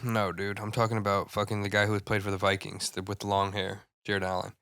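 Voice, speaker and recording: A young man co-hosting a podcast in casual chat, excitable, swearing often and laughing a lot. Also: fairly low pitch, a little fast, gravelly, clear, resonant tone, no room sound, studio quality. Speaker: podcast co-host.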